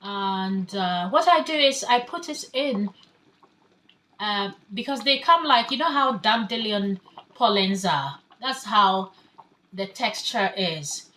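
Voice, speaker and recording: A woman's voice: mid-range voice, lively intonation, slow pace, pushed and bright. A woman from Ghana giving a casual cooking demonstration in her home kitchen, chatting through each step as she works. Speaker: home cook.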